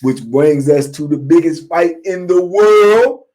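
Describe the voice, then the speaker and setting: A man in his fifties, a guest on an interview, talking casually and with animation, often asking "you know what I'm saying" and sometimes dropping to a low murmur. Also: a little slow, a little mellow. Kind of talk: casual boxing talk.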